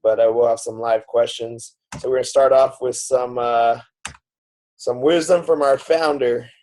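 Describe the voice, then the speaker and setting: A man opens a team training session over a video call, speaking casually with frequent fillers. His voice is mellow and mid-pitched. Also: steady tone, a little slow.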